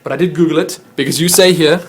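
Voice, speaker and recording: A man's voice: on the high side, fairly even intonation, fast talker, slightly rough, faint music behind. A man hosting a vlog, chatting casually and poking fun at himself as he stumbles over foreign words. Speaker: vlog host opening fan mail. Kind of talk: casual chat to camera.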